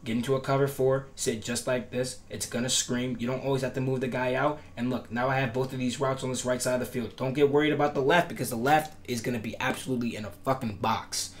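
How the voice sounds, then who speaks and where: Talking quickly with few pauses, this man keeps a steady, medium-pitched tone as he walks viewers through defensive setups in a casual gameplay tutorial. He repeats himself, makes emphatic promises, and his voice occasionally cracks.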